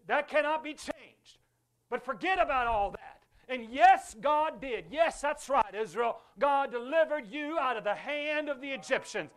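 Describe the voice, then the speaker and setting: Calling on his congregation to repeat after him, this man delivers a fervent sermon in a church sanctuary. His voice is very high-pitched with lively intonation, and he speaks a little slowly.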